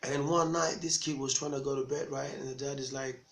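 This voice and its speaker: Animated African storyteller with a gravelly voice. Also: male voice, mid-range voice, a little fast. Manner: animated, chatty, laughs at his own jokes. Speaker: stand-up comedian. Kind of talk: stand-up storytelling. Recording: roomy echo with faint ambience.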